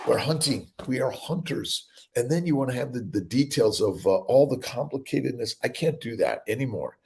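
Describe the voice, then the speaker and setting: A middle-aged male doctor hosts a casual morning livestream, rambling cheerfully as he reads viewer comments and greets people by name. His voice is fairly low and gravelly.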